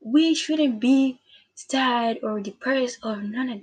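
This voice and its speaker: A woman's voice: a little high, takes it slowly, breathy edge. Earnest woman sharing faith. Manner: earnest, repetitive, talks straight to listeners. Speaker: faith vlogger. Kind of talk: casual devotional talk.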